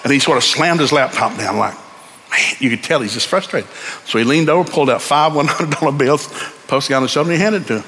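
A man preaching a sermon in a church, telling stories in an animated way and building up to shouts. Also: medium pitch, fast talker. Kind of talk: sermon with storytelling.

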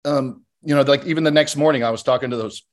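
A man's voice: medium pitch, fast. A man in his thirties, a guest in a casual podcast chat, talking bluntly and swearing freely.

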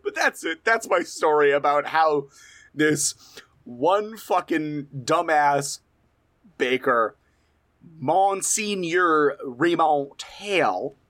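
A man telling a history tale on a comedy podcast with a slightly high voice that rises and falls a lot. He swears freely and keeps laughing between thoughts. It's loose, casual chat among friends. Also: animated, drawn-out words, a bit bright. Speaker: podcast co-host.

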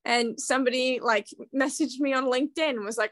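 A young woman with an American accent chats casually as a podcast guest. Her voice sits fairly high, and she leans on "like" and "um" as she talks. The sound is dry and close. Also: fairly even intonation, fairly quick, hardly any pauses, dry recording. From Kansas City, USA. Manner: chatty, many fillers like "like" and "um". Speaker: guest, secondary English teacher. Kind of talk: casual chat.

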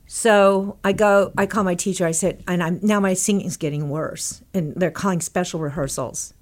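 A middle-aged woman from Texas, a guest telling a long anecdote in animated bursts, quoting people as she goes. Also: lowish voice, normal speed. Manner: animated, breathless anecdote-telling with quoted dialogue. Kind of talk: conversational storytelling.

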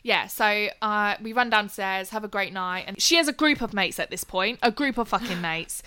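Young woman, bright and lively voice, cheerfully sweary storyteller. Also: medium pitch, moderate pace, hardly any pauses, clean tone. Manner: swears freely, laughs through the story. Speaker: podcast co-host telling a story. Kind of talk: casual chat.

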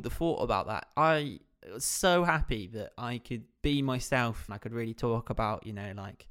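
A man co-hosting a podcast, animated and teasing, who laughs readily. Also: mid-range voice, moderate pace, few pauses, smooth. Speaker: podcast co-host. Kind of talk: casual chat.

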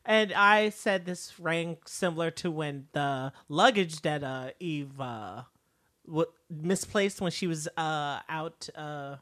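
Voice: medium pitch, slow, fairly bright tone. A podcast co-host in casual chat, speaking hesitantly with many fillers.

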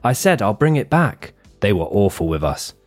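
A man hosting a podcast in casual chat, reading reviews aloud in a lively, jokey way. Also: fairly low pitch, moderate pace, dry recording, faint music behind. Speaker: podcast host.

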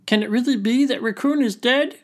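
A man voicing a small male crayfish in a storybook tale, with a high, squeaky voice that turns from timid to bragging. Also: fairly quick. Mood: wary.

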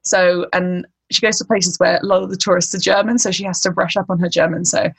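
A woman's voice: lowish voice, fairly even intonation, brisk, breathy edge. A young woman in casual conversation, asking curious questions, laughing easily and using "like" often. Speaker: interviewer.

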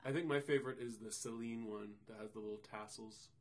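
A man's voice: on the low side, fairly even intonation, fairly quick. A young adult man co-hosting a podcast in a casual chat, with a dry, wry manner, often laughing. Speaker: podcast co-host.

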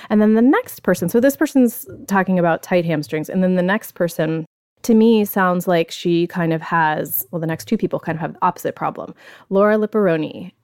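A woman's voice: lowish voice, darkish tone, no room sound, studio quality. A woman hosting a podcast, chatting casually and reading out listener questions in a friendly way. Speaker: podcast host.

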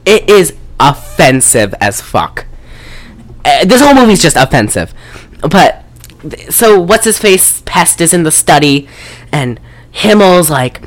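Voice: mid-range voice, sing-song, a little slow. A podcast co-host recapping a movie in a casual, rambling way, full of swearing and fillers. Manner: profane, rambling, frequent fillers.

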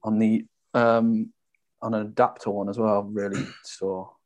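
A young man co-hosting a podcast, chatting easily about football. His voice sits a little low. He talks loosely, with fillers and mild swearing. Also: level tone, a little slow, darkish tone. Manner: easygoing, chatty banter. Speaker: podcast co-host. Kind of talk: casual chat.

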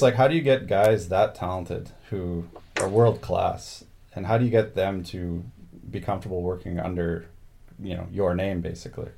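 Deep gravelly male interviewer. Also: a little mellow. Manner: rambling questions full of likes. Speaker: podcast host interviewing photographers. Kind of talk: casual interview.

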